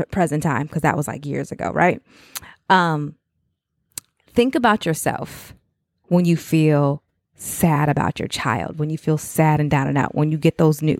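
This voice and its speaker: Low-pitched middle-aged woman, casual motivational talk, rambling and conversational, dry close sound. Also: darkish tone, dry recording. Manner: rambling and conversational, checks in with "right?". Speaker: mother speaking to other mothers.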